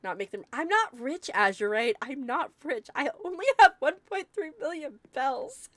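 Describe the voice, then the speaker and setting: A woman chatting casually with viewers during a live game stream, excitable and quick to gasp and laugh. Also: sits high, dry recording. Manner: excitable, gasping and laughing often. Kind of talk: casual live-stream chat while gaming.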